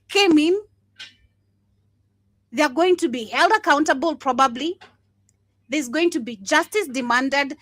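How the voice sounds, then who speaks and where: A woman's voice: high-pitched, a bit bright, dry recording. A young woman hosting a livestream, giving blunt, impassioned commentary, swearing often and laughing between points. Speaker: livestream host.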